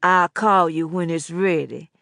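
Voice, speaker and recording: A woman reading an audiobook, voicing an older man who talks in a slow, coaxing, falsely gentle way, with a gravelly edge. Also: fairly low pitch, no room sound, studio quality.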